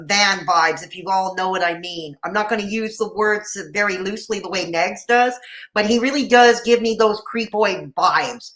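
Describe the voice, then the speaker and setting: A woman streamer reacts to a clip with biting sarcasm and casual swearing, breaking off to thank viewers. Her voice sits on the high side and sounds bright and forceful. The room around her is echoey. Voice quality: sarcastic, profane, talks back to the clip.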